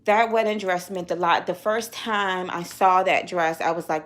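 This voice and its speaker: A woman's voice: medium pitch, fairly even intonation, a little fast, hardly any pauses. A woman talking in an upset, rambling vlog, often stopping and restarting her sentences. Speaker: vlogger. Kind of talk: emotional personal vlog.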